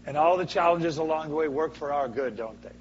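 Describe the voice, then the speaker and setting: A man preaching a sermon as a guest speaker, swinging from booming to hushed for dramatic effect. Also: a little fast, a little hiss or hum. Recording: echoey hall, dull lo-fi sound.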